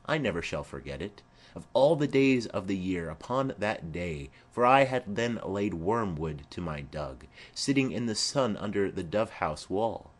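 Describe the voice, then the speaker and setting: A man's voice: sits low, big pitch swings, moderate pace. A man reading a play aloud, voicing a garrulous, rambling old nurse who fondly chatters on.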